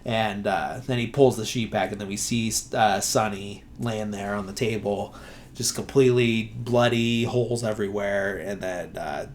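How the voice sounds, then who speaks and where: A man with a slightly low voice talks through a film's plot in a relaxed, meandering way. He leans on "uh" and "like" as he goes, in the easy rhythm of a casual podcast recap. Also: normal speed, a little hiss or hum. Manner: rambling, filler-heavy, many "like" and "uh". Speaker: podcast host.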